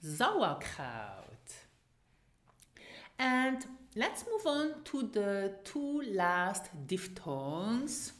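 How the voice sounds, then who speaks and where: A woman whose first language is Luxembourgish teaches pronunciation, saying each word slowly and repeating it for the listener to copy. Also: fairly high pitch, sing-song, echoey room. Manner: slow, deliberate, repeats words for practice. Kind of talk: pronunciation lesson.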